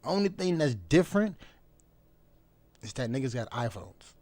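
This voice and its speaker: A man vlogging in a loose, unscripted monologue, blunt and full of swearing. His voice sits at an ordinary middle pitch. He jumps from sharp, loud emphasis to low, half-muttered asides. The recording is close and dry, with no room sound. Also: big pitch swings, moderate pace, no echo. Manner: laughs between points, repeats phrases for emphasis. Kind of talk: casual profane monologue.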